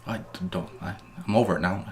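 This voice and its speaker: A man co-hosting a casual podcast, telling a story in a fast, rambling way with restarts and indignant bursts. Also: deep voice, darkish tone. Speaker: podcast co-host.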